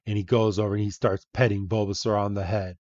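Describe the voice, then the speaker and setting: A man's voice: lowish voice, flat delivery, a little mellow, no room sound, lo-fi sound. A man hosting a podcast, recapping a comic aloud in a chatty way and correcting himself as he goes. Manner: slow, chatty, self-correcting. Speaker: podcast host.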